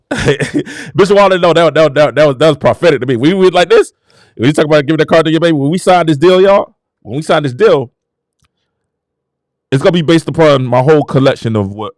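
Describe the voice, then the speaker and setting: A man with a high, lively voice that leaps up and down as he preaches to his listeners. He talks like a show host in a casual motivational monologue, exclamatory and hyping himself up, and the sound is dry and close. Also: dry recording.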